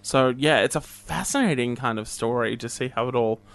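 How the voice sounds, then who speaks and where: A man's voice: medium pitch, normal speed, gravelly, a bit bright. A man co-hosting a radio music show, talking in a laid-back way and swearing freely. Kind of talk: casual radio chat. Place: radio studio.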